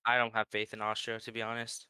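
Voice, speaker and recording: Brash, fast-talking man with a bright voice. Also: lowish voice, monotone, smooth, no echo. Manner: brash, teasing, swears freely. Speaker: co-host. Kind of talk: casual chat. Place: remote online call.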